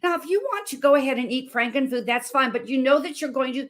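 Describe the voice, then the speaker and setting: A woman's voice: high voice, quick pace, fairly bright tone. A woman in her thirties from Montana, a health coach telling her story as a guest with passion and emphatic repetition. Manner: passionate, emphatic, repeats phrases. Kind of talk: emotional personal story on a talk show.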